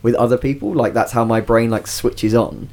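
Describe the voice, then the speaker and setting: A man's voice: mid-range voice, fairly even intonation, normal speed, darkish tone. A young man co-hosting a casual chat podcast, chatty, often repeating words as he talks. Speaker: podcast co-host, stage actor.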